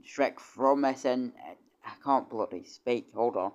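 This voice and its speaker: A man's voice: medium pitch, slow, a little mellow. A young man, chatting casually on a livestream, rambling with stammered restarts and casual swearing. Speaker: streamer and composer.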